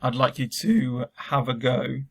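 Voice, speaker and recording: Gravelly male teacher, remote lesson. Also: medium pitch, measured pace. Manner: relaxed explaining with frequent ums. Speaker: school Spanish teacher.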